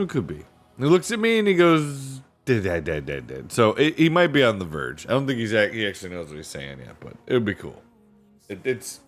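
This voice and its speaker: A man's voice: lowish voice, a bit bright. A tired man hosting a livestream from home, chatting casually with viewers in a rambling way and repeating himself. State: tired from a sleepless night. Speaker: livestream host reading books aloud. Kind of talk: casual chat with live viewers. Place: home with family nearby.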